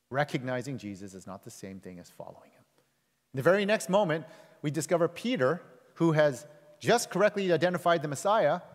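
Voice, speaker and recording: Man preaching in a reverberant hall. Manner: emphatic, swings between loud rises and soft low drops. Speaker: pastor. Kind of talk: sermon. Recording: long reverb of a large hall.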